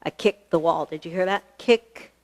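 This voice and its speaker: A woman's voice: fairly low pitch, steady tone, brisk. A woman teaching a live online yoga class, chatty and encouraging, laughing often and a little out of breath. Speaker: yoga instructor. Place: fitness studio.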